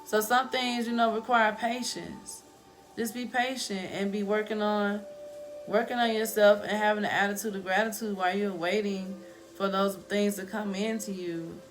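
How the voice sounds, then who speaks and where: A woman's voice: mid-range voice, steady tone, normal speed, soft background music. Chatty woman telling stories. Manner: chatty storytelling, addresses viewers as "y'all". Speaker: spiritual vlogger. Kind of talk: casual motivational talk to viewers. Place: home in Colorado.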